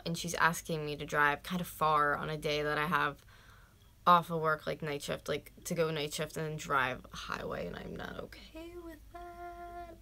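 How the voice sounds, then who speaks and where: Her voice is deep with a sharp tone. A North American woman in her twenties, she vlogs on a live stream, chatting casually as she rants, curses freely, uses "like" as filler, and sometimes whispers.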